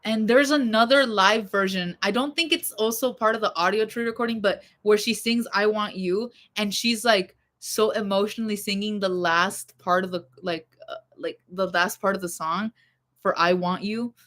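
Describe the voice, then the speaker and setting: Bright-voiced young woman rambling casually. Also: mid-range voice, steady tone, normal speed. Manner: rambling, many fillers, laughing asides. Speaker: vlogger. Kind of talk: casual chat about music.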